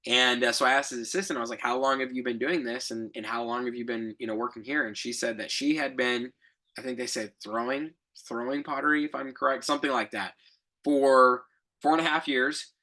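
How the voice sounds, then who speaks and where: A man's voice: medium pitch, fairly even intonation, brisk, bright, forceful tone. A young adult man hosting a podcast, telling a reflective story in a rambling casual way, with fillers, self-corrections and light laughs. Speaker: podcast co-host.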